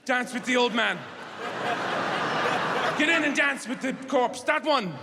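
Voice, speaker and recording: A middle-aged Irish man doing stand-up, rambling and halting, then bursting into shouted rants. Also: extremely high pitch, creaky. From Ireland. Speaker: stand-up comedian. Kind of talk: stand-up comedy. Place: large theatre stage. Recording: live theatre with long reverb and audience noise.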